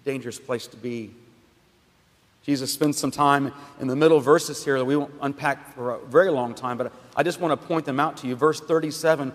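Emphatic preacher in an echoing church. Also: male voice, mid-range voice, a little fast. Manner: emphatic, conversational preaching with self-corrections. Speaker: pastor. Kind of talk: sermon. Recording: long hall reverb.

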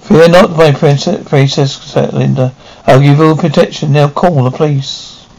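An ancient snake god of the dead, coaxing and giving orders, as a man reads it out. The voice is gravelly and a touch high. It sounds like an amateur horror story reading. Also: steady tone, normal speed, a little mellow, rough recording. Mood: commanding. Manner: commanding, coaxing.

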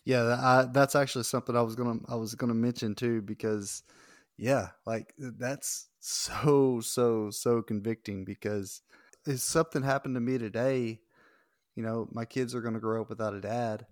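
A man in his thirties, a podcast guest chatting casually, self-deprecating and quick to laugh. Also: mid-range voice, fairly even intonation, dry recording, clean studio sound. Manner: self-deprecating, laughs often, stumbles and restarts. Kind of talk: casual chat.

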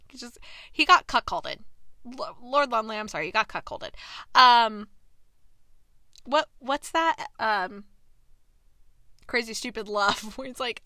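A young woman hosting a casual recap chat, animated and exasperated, tossing in quick quoted asides. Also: fairly high pitch, no room sound, studio quality. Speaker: podcast host recapping a TV episode.

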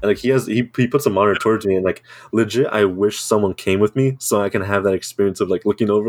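Casting: young man, very low voice, dry close mic, laughing storyteller. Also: fast talker, few pauses, dry recording. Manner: laughing, animated storytelling with crude humor. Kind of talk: casual chat.

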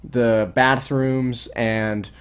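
A man co-hosting a podcast in casual chat, rambling and animated with many restarts. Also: mid-range voice, very slow, clear, resonant tone. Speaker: podcast co-host.

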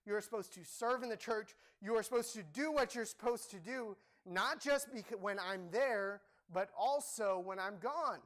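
A young man preaching a sermon in an animated, joking, emphatic way. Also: high voice, moderate pace, hardly any pauses.

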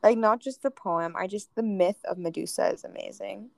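A teenage girl with an American accent, co-hosting a casual podcast chat and rambling through jokes and quick asides. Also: medium pitch, gravelly, darkish tone, dry recording. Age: teens. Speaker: podcast co-host.

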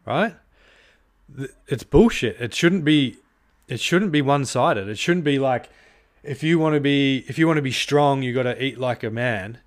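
A man's voice: medium pitch, animated, moderate pace. Fired-up male podcast host, swearing. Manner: heated, swears often, many fillers. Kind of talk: solo podcast monologue.

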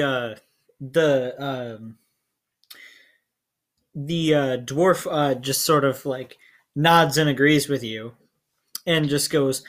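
Slow, hesitant tabletop game master. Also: mid-range voice. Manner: hesitant, many fillers.

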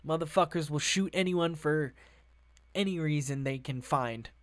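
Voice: medium pitch, moderate pace. A sarcastic political commentator who reads out news and breaks into profane rants. The delivery is heated, mocking and full of rhetorical questions.

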